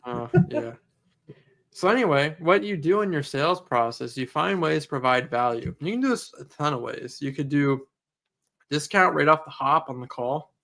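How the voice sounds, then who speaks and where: A man co-hosting a casual podcast, telling lively stories and acting out customer conversations. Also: on the high side, moderate pace, vocal fry. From Canada. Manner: animated storyteller, acts out customer dialogue. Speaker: podcast co-host, auto detailer.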